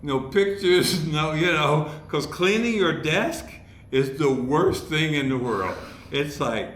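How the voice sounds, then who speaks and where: A man's voice: on the high side, slow pace. Guy from ohio telling stories, doing all the voices, echoey room. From Ohio, USA. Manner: animated storyteller who acts out the people he quotes. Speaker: podcast guest, comedy writer. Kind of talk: casual storytelling chat. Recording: echoey room with faint background noise.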